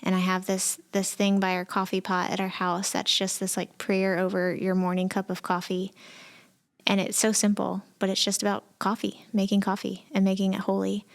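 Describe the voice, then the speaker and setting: A woman's voice: mid-range voice, monotone, moderate pace, creaky. A woman from Texas, a pastor co-hosting a podcast, talking casually and reflectively with many fillers. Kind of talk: casual conversation.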